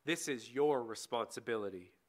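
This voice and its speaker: A man's voice: medium pitch, moderate pace, a little mellow, pitched below the performer's own voice, lightly acted. A man reading as a stern Roman governor. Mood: insistent. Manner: plain read-aloud delivery of quoted speech. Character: stern male Roman governor, weary and insistent.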